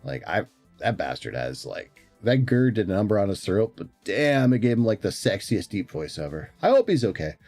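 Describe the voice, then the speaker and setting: A man with a low, mellow voice chats casually on stream, rambling with frequent fillers and restarts. His pitch swings up and down a lot. The sound is dry, with faint music behind him. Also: sing-song, normal speed, vocal fry, no room sound. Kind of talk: casual chat.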